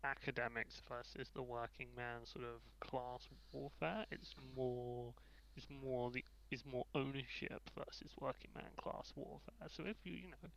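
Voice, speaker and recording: Gravelly-voiced man, hesitant player. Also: medium pitch, fairly even intonation, measured pace, a bit bright, rough recording. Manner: hesitant, many fillers. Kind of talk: casual tabletop session planning.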